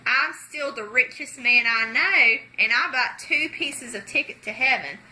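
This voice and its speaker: Boastful, mocking rich man in a told parable, pitched high and bright, loud and full of himself, put on by a woman storyteller. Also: a little slow, full character voice, poor audio.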